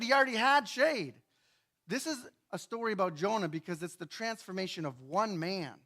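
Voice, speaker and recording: Animated high-voiced male preacher. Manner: animated storytelling, acting out biblical characters in quick asides; casual, chatty, often asks "right?". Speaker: pastor. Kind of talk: sermon. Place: church sanctuary.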